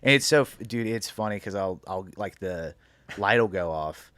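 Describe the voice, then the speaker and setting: A young man with a fairly low voice tells animated stories in casual podcast chat, laughing often. The sound is dry and close, with no room around it. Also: normal speed, smooth, no echo. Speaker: podcast host.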